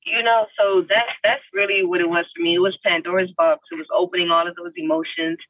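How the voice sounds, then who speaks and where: Husky-voiced young woman telling her story. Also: quick pace, no echo, recorded from a distance, narrow, tinny audio. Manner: animated, emotional, acts out quotes with big pitch jumps; heartfelt, faith-filled tone. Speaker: actress guest. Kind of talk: podcast interview storytelling.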